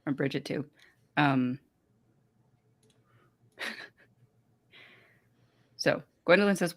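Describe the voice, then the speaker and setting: A podcast host walks through book chapters in a loose, rambling recap. The delivery is hesitant and full of fillers, at an ordinary middle pitch. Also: slow pace, pauses often, a bit bright.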